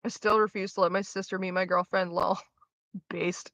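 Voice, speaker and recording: A young woman with a fairly low, level voice streams and reads her chat, rambling, swearing freely and trailing off mid-sentence in casual talk with a live audience. She speaks at a moderate pace with a slightly bright tone and no room sound, though the mic is a little dull and lo-fi.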